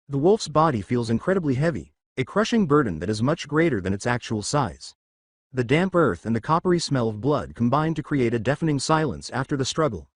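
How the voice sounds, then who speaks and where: A man's voice: mid-range voice, no room sound, clean studio sound. A man reading first-person fan fiction aloud in a dramatic storytelling manner. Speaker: narrator.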